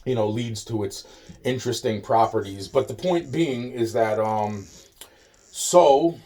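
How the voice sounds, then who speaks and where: A man's voice: mid-range voice, unhurried, dark tone. A man delivering a rambling, agitated monologue, swearing constantly and repeating himself. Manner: profane, agitated, repetitive ranting.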